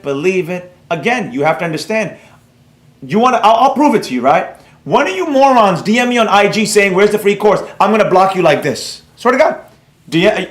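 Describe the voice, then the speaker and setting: A man with a high-sitting voice hosts a trading livestream in an echoey room. He's blunt and brash, swearing a bit as he reads the chat aloud in a rant.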